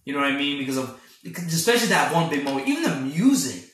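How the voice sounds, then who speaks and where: A man's voice: on the high side, sing-song, fast talker, fairly bright tone, a little hiss or hum. A man hosting a casual podcast, retelling a film animatedly and laughing often, with many fillers. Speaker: podcast host reviewing a film. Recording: very echoey room.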